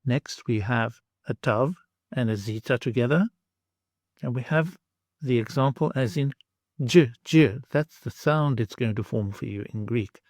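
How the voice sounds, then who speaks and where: Slow, deliberate male language teacher. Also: medium pitch, darkish tone, no echo, studio quality. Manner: repeats each example word twice, exaggerating pronunciation. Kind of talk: slow, deliberate pronunciation lesson.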